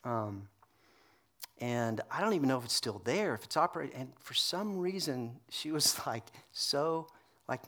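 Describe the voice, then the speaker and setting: A man's voice: medium pitch, animated, measured pace, sharp tone. Middle-aged male pastor, storytelling sermon. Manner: storytelling, loose with fillers. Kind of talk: conversational sermon.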